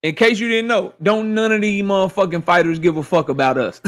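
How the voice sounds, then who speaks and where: A man's voice: sits high, a little fast, a bit bright. A man hosting a casual boxing livestream, ranting animatedly and profanely while reading chat messages.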